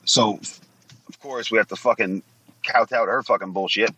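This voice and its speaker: Husky, blunt man spinning profane stories. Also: on the low side, fairly even intonation, moderate pace, pushed and bright, muffled recording. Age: 40s. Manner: blunt, profane, rambling anecdotes. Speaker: guest, former pro wrestler. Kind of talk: casual storytelling interview.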